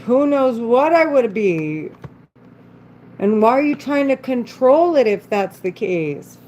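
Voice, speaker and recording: A woman's voice: fairly high pitch, sing-song, slow, a little mellow, lo-fi sound, a little hiss or hum. A woman talking alone in an unscripted monologue, agitated and rambling, with frequent swearing and broken-off sentences. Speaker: vlogger.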